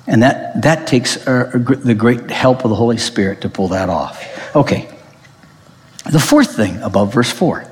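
Animated preaching man in a reverberant hall. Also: medium pitch, moderate pace. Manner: animated, emphatic preaching with frequent restarts. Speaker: pastor. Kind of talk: sermon.

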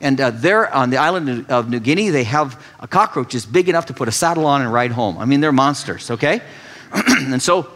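A man preaching a sermon, telling a story with animated swings in pitch and loudness. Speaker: pastor.

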